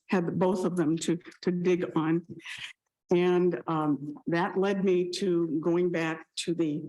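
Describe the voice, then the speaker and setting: Halting woman with a failing voice. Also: lowish voice, a little mellow, poor audio. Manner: halting, many fillers and restarts. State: voice going hoarse. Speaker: board member. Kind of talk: reading a report at a public meeting. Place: city meeting room.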